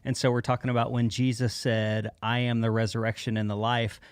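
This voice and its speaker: A man's voice: mid-range voice, level tone, fairly quick, clear, resonant tone, no echo, clean studio sound. A man, a pastor, co-hosting a casual live-stream chat in an easygoing, rambling way. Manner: easygoing, rambling, retells stories conversationally. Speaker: pastor and co-host.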